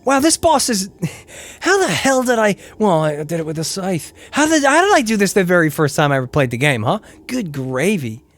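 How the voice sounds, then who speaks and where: A man streaming a video game with casual commentary, excitable, swearing and begging his character to survive. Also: high-pitched, a little fast. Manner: excitable, begs and yells at the game, swears freely.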